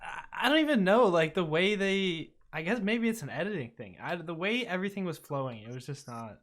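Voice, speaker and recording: Chill young guy on a podcast, kinda high voice, hedges a lot. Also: expressive, fairly quick, fairly bright tone. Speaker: podcast co-host. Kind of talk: casual chat.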